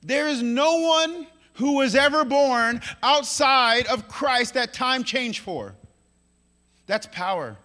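Brief: male pastor, very high and bright voice, emphatic sermon delivery with loud-to-hushed swings, long hall reverb. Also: lively intonation. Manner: emphatic, repeats key lines, swings between loud and hushed; playful asides and quick voiced-up quotes.

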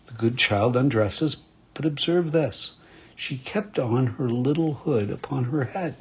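A man narrating a fairytale in a measured, expressive storytelling manner. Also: mid-range voice, slightly rough, highs cut off.

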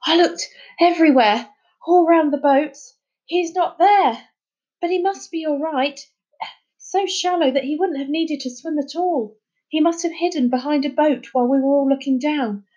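A woman voicing a calm, capable boy who reasons things through. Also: high voice, normal speed, muffled recording, pitched above the performer's own voice, lightly acted.

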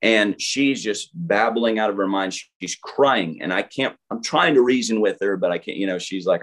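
Speaking as an interview guest, a male pastor relays an event as a testimony, full of animated energy, fillers and false starts. He voices what people said along the way, in a fairly low voice at normal speed.

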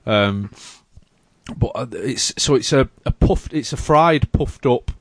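A man's voice: mid-range voice, slow pace, dry recording, clean studio sound. A man hosting a casual chat, rambling and searching for his words. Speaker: podcast host.

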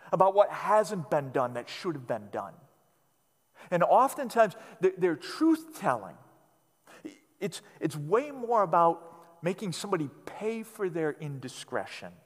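A man preaching a sermon as pastor, emphatic and repetitive, letting phrases sink to a quiet, low finish. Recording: long hall reverb.

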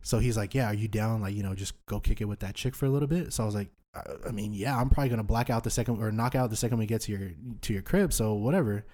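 A young man in his twenties tells a night-out story on a podcast, in a fairly low voice. His talk is loose, slangy and full of swearing. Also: racing, hardly any pauses, warm tone. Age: 20s. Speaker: podcast host. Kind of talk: storytelling in casual chat.

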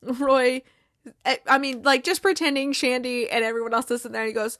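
A woman hosting a casual episode recap, retelling scenes with quick quoted dialogue and frequent laughs. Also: high-pitched, steady tone, a bit bright, no room sound, studio quality. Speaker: podcast host recapping a TV episode.

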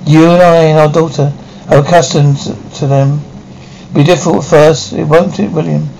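A middle-aged actress playing a doting, anxious mother, speaking in a gentle, pleading tone in a 1950s TV drama style. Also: low voice, steady tone, normal speed, gravelly, crowd noise, low-quality recording.

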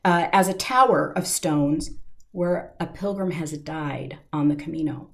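A middle-aged woman with a low voice speaks in an interview about something personal. She's earnest and heartfelt, slowing her pace when emotion rises.

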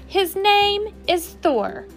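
A woman's voice: on the high side, sing-song, unhurried, a bit bright, soft background music. A woman voicing a stubborn young boy who pleads and bargains, reading a storybook aloud. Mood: pleading.

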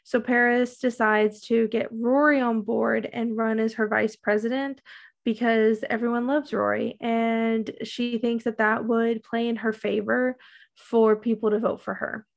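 A woman's voice: a little high, level tone, measured pace, gravelly. A woman co-hosting a podcast, recapping a TV show in casual chat, rambling with many "um"s and "like"s. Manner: rambling, many fillers and likes. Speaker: podcast co-host.

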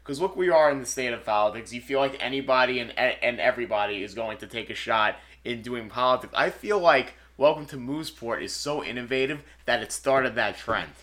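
A man's voice: mid-range voice, expressive, fairly quick, few pauses, a bit bright. A man co-hosting a podcast in casual chat, teasing and bantering playfully. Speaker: podcast co-host.

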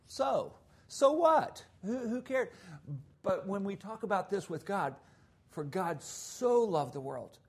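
Man preaching a conversational sermon. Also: sits high. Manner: conversational preaching, animated and joking. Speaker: guest preacher, missionary.

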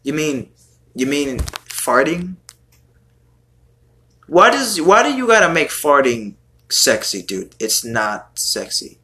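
A man reacts to song lyrics in loose, casual commentary. He sounds exasperated and swears freely as he mocks each line. His voice has a bright, forceful edge, and he talks at an unhurried, drawn-out pace. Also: on the high side, animated, a little hiss or hum.

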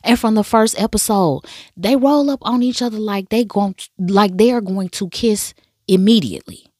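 Animated woman reviewing a drama. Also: medium pitch, moderate pace, dry recording, clean studio sound. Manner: animated, slangy storytelling with many asides. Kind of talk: casual chat reviewing a drama.

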